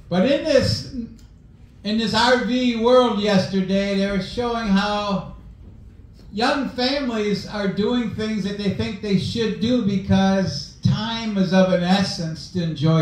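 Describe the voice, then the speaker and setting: Folksy pastor guy, kinda high voice, takes his time, big echoey church sound. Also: a little mellow. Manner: folksy, storytelling preacher. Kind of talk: sermon.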